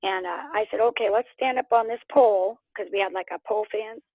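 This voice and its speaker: Oklahoma lady telling her story on a tinny phone line, lively, laughs a lot, dry sound. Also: mid-range voice, a little fast, dry recording. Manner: animated, laughs often, acts out quotes. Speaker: interview guest. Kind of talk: casual storytelling.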